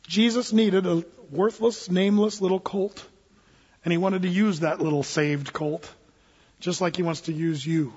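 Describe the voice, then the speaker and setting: A man preaches an earnest, folksy sermon in a fairly high voice with a husky edge. The recording is dull and lo-fi, carrying a long reverb like a large church hall. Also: fairly even intonation, normal speed, darkish tone. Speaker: pastor.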